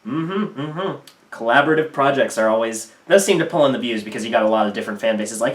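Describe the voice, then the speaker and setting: A man hosting a casual interview in a relaxed, easygoing way, with lots of short replies. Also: medium pitch, fast talker. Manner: laid-back, lots of short back-channel replies. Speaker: interview host. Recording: roomy echo.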